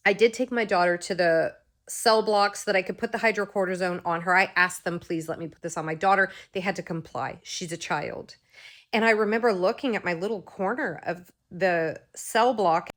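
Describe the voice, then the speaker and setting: A woman recounts her own experience for her followers in a personal, emotional storytelling style. She acts out dialogue and repeats phrases for weight, and her voice sits at an ordinary middle pitch for a woman. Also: a bit bright. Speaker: vlogger.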